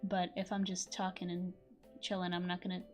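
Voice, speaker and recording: A woman's voice: fairly low pitch, monotone, fairly quick, soft background music. A young woman whose first language is Portuguese, chatting casually on a stream as a voice actor, rambling, laughing often and cursing freely.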